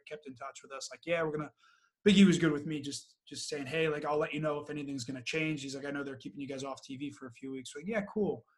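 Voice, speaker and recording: In a casual interview, a former Marine speaks frankly and plainly, quoting other people as he tells his story. His voice is a little high with a fairly bright tone.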